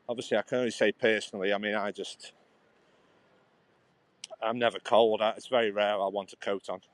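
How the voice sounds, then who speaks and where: A man from England chats loosely with viewers on a walking livestream, talking into his phone along an outdoor cycle path over passing traffic. His lowish voice has fairly even intonation and normal speed, with long pauses, in a dry recording.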